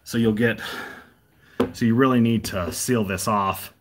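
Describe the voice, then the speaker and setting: A man's voice: lowish voice, fairly even intonation, unhurried, background noise. A man out of breath, casually explaining his work as he goes, chatty and rambling. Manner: chatty, rambling, jokey asides. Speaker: DIY vlogger. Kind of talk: casual how-to narration while working. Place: unfinished shed, indoors.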